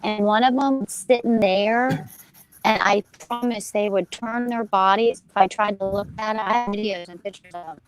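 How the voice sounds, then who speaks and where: A woman casually telling a personal story to a group, animated and quickly fired up, talking to her listeners directly. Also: medium pitch, smooth, low-quality recording. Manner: animated, gets fired up, acts out quoted voices; talks to listeners as "you guys".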